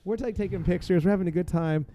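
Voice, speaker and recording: A man's voice: sits high, quick pace, background noise. A man telling a wild party story as a podcast guest. He talks casually with lots of fillers and breaks into laughter. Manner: animated, laughing, filler-heavy.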